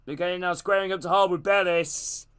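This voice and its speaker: A man streaming a live football watch-along, calling the play and greeting his chat in a casual, excitable way. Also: high voice, brisk, clear, resonant tone. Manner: casual, greets chat between plays, gets loud and excited on attacks.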